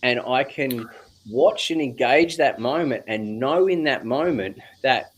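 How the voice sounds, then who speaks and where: A man, a guest speaking slowly and reflectively on spiritual ideas, with drawn-out phrasing and casual swearing. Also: medium pitch, slight background noise.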